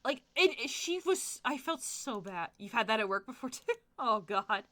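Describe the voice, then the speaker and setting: A young adult woman streamer chatting casually while gaming, telling animated stories full of fillers and laughter. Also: fairly high pitch, normal speed.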